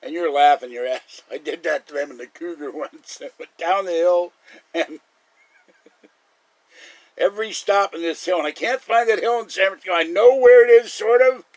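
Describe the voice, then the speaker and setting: A man's voice: sits high, moderate pace, no room sound, low-quality recording. A man hosting a live stream, rambling through casual stories and chuckling often. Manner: chatty storyteller, chuckles often.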